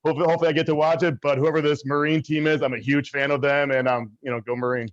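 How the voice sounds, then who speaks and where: A man who coaches soccer talks on a podcast panel in a slightly high, rambling way, stopping to correct himself. His call audio is dry and dull, with a narrow lo-fi sound. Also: level tone, very fast, no room sound. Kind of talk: casual roundtable chat.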